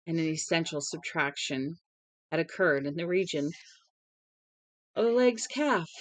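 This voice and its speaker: Lower-voiced woman reading a novel aloud. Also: unhurried, dry recording, rough recording. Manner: steady reading with small slips and restarts. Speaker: audiobook reader.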